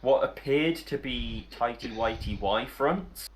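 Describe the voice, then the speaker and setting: A man's voice: medium pitch, takes it slowly, slight background noise. A man narrating as dungeon master in a tabletop game, telling the scene in a loose, amused way full of fillers. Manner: rambling, filler-heavy, amused storytelling.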